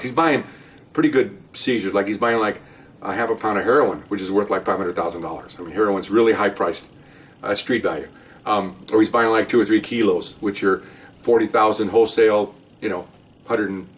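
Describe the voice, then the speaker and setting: Low-voiced man telling fast cop stories. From Latino. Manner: animated, acts out dialogue with raised pitch. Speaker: retired police detective telling stories. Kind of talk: casual storytelling. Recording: voice a bit far from the mic.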